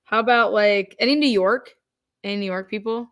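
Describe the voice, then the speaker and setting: A young woman hosting a casual livestream, chatting and reacting quickly as she reads out where viewers are from. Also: mid-range voice, clean tone. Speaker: livestream host.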